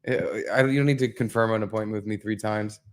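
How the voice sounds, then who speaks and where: A man with a New York accent co-hosting a live comedy podcast, talking casually with lots of swearing and animated storytelling. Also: on the low side, fast. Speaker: podcast co-host. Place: live venue.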